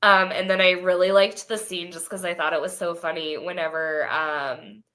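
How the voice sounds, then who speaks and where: A woman's voice: fairly low pitch, moderate pace. Giggly woman gushing in casual chat. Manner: animated, laughs often, acts out quotes. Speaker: guest, schoolteacher.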